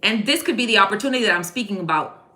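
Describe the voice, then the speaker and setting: A woman's voice: medium pitch, animated, racing, pushed and bright. A woman giving a casual live tarot reading, chatty and slangy, speaking straight to her viewers by name. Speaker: tarot card reader. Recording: echoey room.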